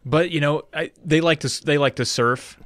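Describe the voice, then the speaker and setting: A man's voice: a little high, moderate pace, a bit bright, no room sound, clean studio sound. A man co-hosting a podcast in casual chat, rambling and self-deprecating. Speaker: podcast co-host.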